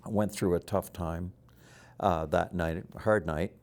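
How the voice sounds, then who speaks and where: Older man with a very low voice. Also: fairly even intonation, a little mellow. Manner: earnest, halting testimony with restarts. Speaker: guest, business leader. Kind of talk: personal storytelling.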